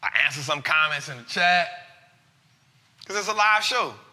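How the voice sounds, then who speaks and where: High bright-voiced man hosting a show. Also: normal speed, in a large hall. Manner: animated, casual slang, repeats himself. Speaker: host of a live finance show. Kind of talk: live talk show monologue.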